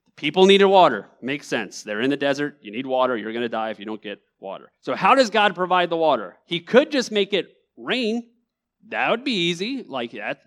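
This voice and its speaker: A young man delivers a church sermon in a relaxed, talky way. He jumps up high when he acts out the people in the story, then drops low again. His voice sits a little high for a man. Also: moderate pace. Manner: conversational, animated preaching with acted-out quotes. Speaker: pastor. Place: church sanctuary.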